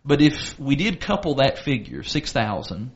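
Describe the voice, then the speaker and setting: A man's voice: mid-range voice, very animated, moderate pace, dull audio. A man co-hosting a casual Bible study talk, reading scripture aloud and explaining it earnestly. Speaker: podcast co-host, Bible teacher.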